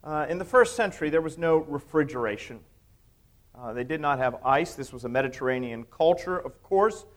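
Lively, animated male preacher. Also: a little high, moderate pace. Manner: expressive preaching, rises and drops for emphasis, asks the congregation questions. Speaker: pastor. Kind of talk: sermon.

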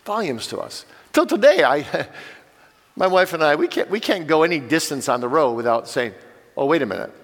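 An older man working as a Bible teacher speaks earnestly and directly to the parents before him, at a moderate pace with big pitch swings. His voice is a little high for a man, and a church hall's long reverb trails each phrase.

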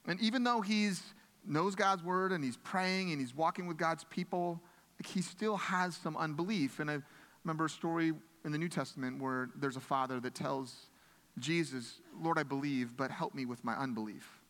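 Man, pastor, sermon, earnest and conversational, slightly high voice, long hall reverb. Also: moderate pace, a bit bright. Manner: earnest, conversational, with frequent restarts.

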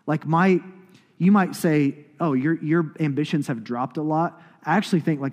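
A man in his thirties preaching a sermon as pastor, building to loud emphatic peaks and dropping to hushed whispers. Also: a little high. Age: 30s. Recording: long hall reverb.

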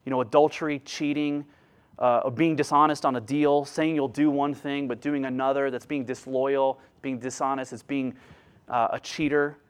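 A middle-aged man preaching a sermon as pastor, earnest, acting out quoted voices and swinging from loud emphasis to hushed asides. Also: medium pitch, level tone, moderate pace, clear, resonant tone.

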